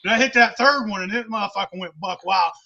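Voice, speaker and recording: A man telling stories in a loud, boisterous, profane way during casual chat. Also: high-pitched, quick pace, gravelly, dull audio.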